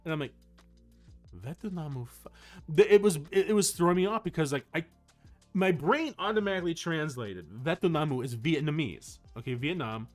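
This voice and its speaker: A man streaming casual chat, telling a story in an animated way with frequent restarts. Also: a little high.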